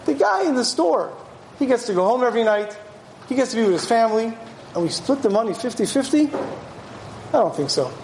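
A man voicing a sly, self-pitying businessman who grumbles quickly, in an echoey room. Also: very high-pitched, very animated, vocal fry, darkish tone, a little hiss or hum, full character voice. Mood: grumbling.

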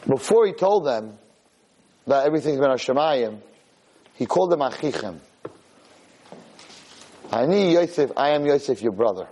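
A man giving a lively Torah lecture, who acts out scenes of shouting parents to make his points. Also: moderate pace, pauses often, breathy edge, poor audio. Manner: animated, acts out shouting parents in high pitch. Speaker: Torah teacher.

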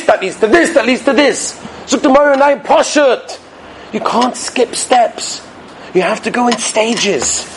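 A man giving a Torah sermon as a rabbi, animated and swinging between loud stresses and hushed asides. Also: extremely high pitch, a little hiss or hum.

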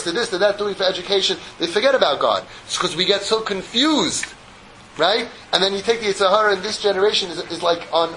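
Animated, bright-voiced male Torah teacher. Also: on the high side, slight background noise, poor audio. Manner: animated storyteller, jokes. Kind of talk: Torah lecture to a group.

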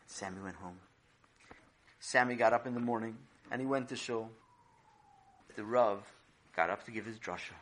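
A man narrating a humorous story in a lively, expressive, conversational way. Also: on the low side, normal speed, pauses often.

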